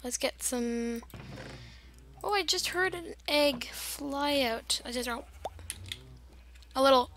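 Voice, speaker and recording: A woman's voice: high-pitched, slow pace, long pauses, fairly bright tone, a little hiss or hum. A young woman chatting and rambling through casual gameplay commentary, giggling and wandering off on silly tangents. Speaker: gamer.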